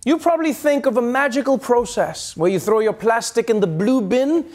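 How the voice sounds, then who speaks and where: A man hosting a comedy news show, delivering a satirical monologue with punchy jokes and quick asides. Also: very high voice, expressive. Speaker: host.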